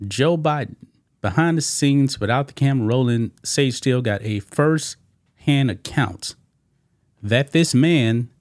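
A man's voice: mid-range voice, no room sound. Man, channel host, reaction commentary, emphatic and repetitive, mid-range voice, dry close mic.

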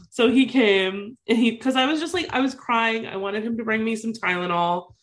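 A woman's voice: fairly high pitch, moderate pace. A woman in her thirties casually telling a personal story to a co-host, full of "like" fillers. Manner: chatty, lots of "like" fillers, animated retelling.

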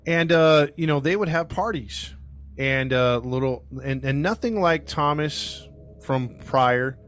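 A man's voice: on the high side, takes it slowly, fairly bright tone. Man retelling a true crime case. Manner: rambling, with many fillers and restarts; acts out quotes in his retelling. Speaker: podcast host narrating the case. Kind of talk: casual true crime storytelling.

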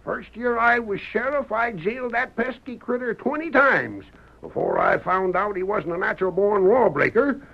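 A gruff old frontier sheriff in a vintage radio drama. His voice is high, gravelly and rough-edged. It swoops widely up and down as he drawls. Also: animated, normal speed, full character voice. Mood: grumbling. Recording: muffled old radio broadcast.

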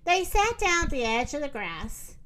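A woman reading a children's story aloud, slow and expressive. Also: high-pitched.

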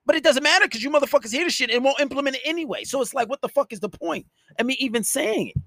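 High-pitched guy chewing out his podcast listeners, cussing nonstop, dry close sound. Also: expressive, very fast, pushed and bright, dry recording. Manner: profane, scolding and emphatic. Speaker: podcast host and dating coach. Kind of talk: solo podcast rant.

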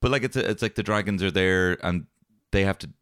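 A man with a very low, deep voice talks films in a loose, animated way, swearing freely and slipping into quoted lines. The recording is dry and close, with no room sound. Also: fairly quick, smooth, no room sound. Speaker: podcast co-host reviewing films. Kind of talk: casual chat.

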